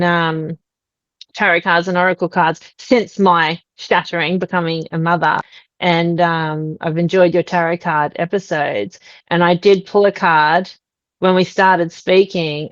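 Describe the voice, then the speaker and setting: A woman's voice: lowish voice, no room sound, lo-fi sound. A woman in her thirties with an Australian accent, a podcast guest telling stories animatedly and quoting herself. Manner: animated storyteller, quoting herself in lively voices. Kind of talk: conversational interview.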